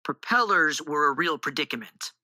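A woman reading a children's storybook aloud in an animated, expressive way on a close mic. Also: sits low, normal speed, no echo, low-quality recording.

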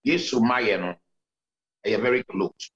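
Bright-voiced Ghanaian man pastor on video call. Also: lowish voice, a little slow, dull audio. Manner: preaching explanation, counts points, mixes Twi and English. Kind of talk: interview guest answering by video call.

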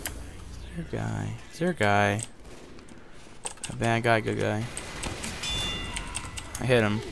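A man commenting on his gameplay in a casual, excitable way, swearing often. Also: on the low side, slow pace, gravelly, background noise. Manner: excitable, swearing, bursts into yelps and laughs. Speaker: gaming video maker.

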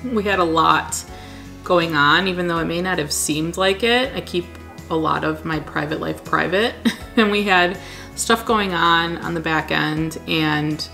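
A woman's voice: lowish voice, a little slow, gravelly, sharp tone, faint music behind. A woman chatting candidly in a casual question-and-answer vlog, laughing often. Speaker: plant vlogger and wedding photographer.

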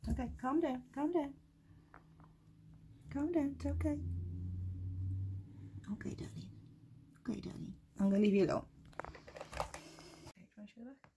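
A woman vlogging at home as she tends her pets, coaxing and cooing at them, often in a hushed near-whisper, caught on a camera mic held by a helper. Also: sits high, lively intonation, moderate pace, vocal fry, long pauses, a little hiss or hum. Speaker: pet keeper vlogger. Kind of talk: casual narration to camera.

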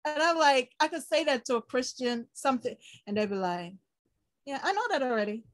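High-voiced lively woman preaching. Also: brisk, no echo. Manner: lively, laughing, swings between shouts and low murmurs; quotes people in acted voices. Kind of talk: informal online sermon.

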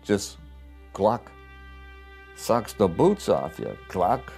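A man's voice: on the low side, big pitch swings, very slow, gravelly, darkish tone, soft background music, exaggerated voice. A man playing a bitter, haunted old working-class war veteran who talks coarse, profane and ungrammatical in a theatrical stage monologue. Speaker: stage performer in a one-man play.

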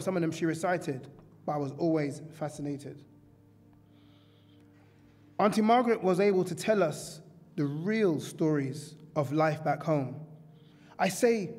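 A man giving a heartfelt, informal funeral tribute to his aunt in a church, with halting restarts. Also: on the high side, darkish tone. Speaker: family member giving a tribute. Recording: long church reverb, faint music.

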